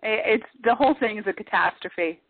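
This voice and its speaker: A woman guest on a radio talk show, telling a story in a lively, casual way and acting out shouted quotes. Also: mid-range voice, a little fast, breathy edge, no echo. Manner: animated, acts out shouted quotes. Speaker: guest, former cooking show contestant. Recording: tinny phone line, faint hiss.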